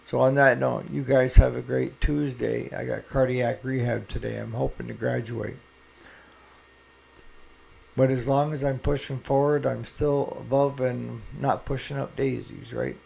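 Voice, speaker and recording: A man's voice: medium pitch, little pitch movement, a little slow, gravelly, darkish tone, husky. A man who owns a small engine repair shop, talking casually to camera and giving earnest, folksy advice.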